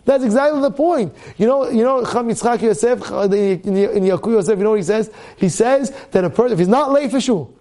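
High-voiced, animated rabbi teaching. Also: male voice. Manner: animated, repeats words, rhetorical questions; acts out students' complaints in a raised voice. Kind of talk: weekly Torah portion class.

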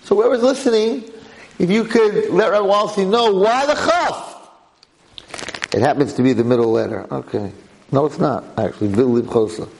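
A man teaching a lively Torah class to a live audience as a rabbi, telling the story with energy and firing off rhetorical questions. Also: sits high, moderate pace, gravelly, slight background noise, low-quality recording.

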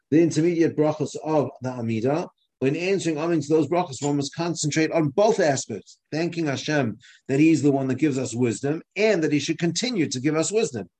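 Man, teacher, halacha lecture, somewhat high voice, halting, many restarts, explanatory. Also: a little mellow. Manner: explanatory, demonstrating pronunciation. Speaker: Torah teacher.

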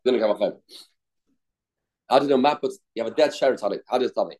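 A man's voice: medium pitch, fast, a little mellow, slightly rough. A man teaching a Talmud lesson, talking in a sing-song study rhythm, repeating phrases and mixing English with Hebrew and Aramaic terms while answering students.

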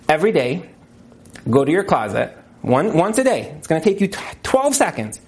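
A man's voice: a little high, sing-song, normal speed, a little mellow. A man giving a motivational religious talk as a teacher and counselor, emphatic and repeating his key points.

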